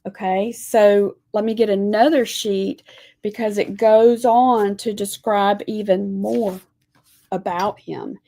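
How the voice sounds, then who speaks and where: A woman teaching a live lettering lesson, talking gently to viewers as she draws and reads scripture. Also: medium pitch, fairly even intonation, creaky. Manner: slow, gentle, talks to viewers while drawing.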